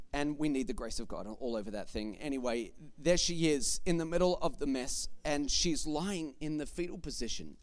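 A man in his thirties preaching a sermon, telling a family story and building to emphatic declarations. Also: high-pitched. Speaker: pastor.

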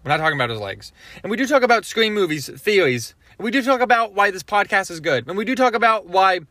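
A man's voice: sits high, lively intonation, quick pace, bright, forceful tone, no room sound. A man hosting his own podcast alone, rambling from topic to topic in casual chat and swearing freely. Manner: scattered, jumps between topics, swears often. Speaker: podcast host.

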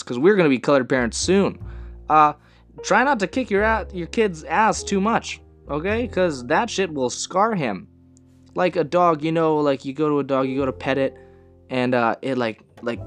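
A young man hosting a casual podcast, rambling and swearing as he tells stories with bursts of laughter. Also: on the high side. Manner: rambling, profane, laughing storyteller. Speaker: podcast host.

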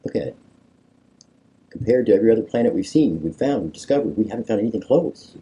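A male pastor, preaching conversationally and drawing answers from a small group, animated and emphatic. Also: fairly low pitch, quick pace, husky, poor audio. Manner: animated, coaxing, rises to emphatic peaks. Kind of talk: conversational sermon with group discussion.

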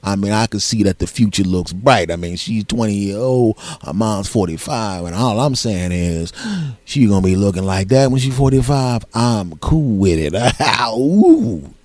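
A male podcast host telling a comic story in a sarcastic, animated way, often breaking into loud, high impressions of his friends. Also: normal speed, no room sound.

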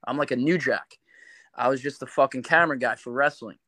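A man from New York, a podcast guest telling a long story in casual, animated talk, swearing a lot. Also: medium pitch, brisk, dry recording. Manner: animated, swears a lot, acts out quoted voices.

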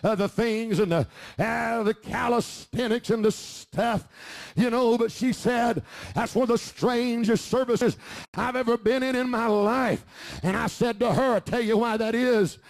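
A middle-aged man preaching a fervent sermon, often rising to shouts. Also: high voice, creaky. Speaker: pastor.

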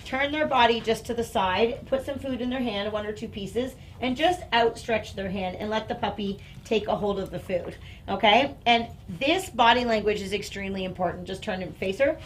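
A woman's voice: on the high side, moderate pace, slight background noise. A woman dog trainer demonstrating and explaining on a live stream, indoors on a training floor. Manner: explanatory, coaxing dog in soft praise. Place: indoor training room with carpet.

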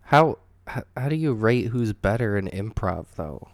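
A young comedian co-hosting a podcast, asking pointed questions and giving opinions in casual chat. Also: male voice, lowish voice, expressive, a little slow, dry recording.

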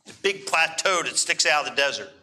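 A pastor telling a travel story in a sermon, animated and checking in with the congregation. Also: male voice, a little high, fast talker, a little hiss or hum. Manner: animated, asks the crowd for responses. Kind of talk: sermon storytelling to a live audience.

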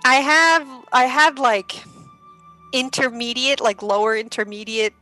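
A woman guest on a podcast, chatting casually and animatedly, laughing often and filling her sentences with "like". Her voice is bright and clear, and sits a little high. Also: fairly even intonation, measured pace, soft background music, low-quality recording. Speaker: podcast guest, karuta player.

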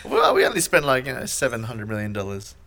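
A man co-hosting a podcast in casual chat, throwing in quick, crude jokes. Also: medium pitch, lively intonation, a bit bright, long reverb tail. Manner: quick joking banter, crude. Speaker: podcast co-host.

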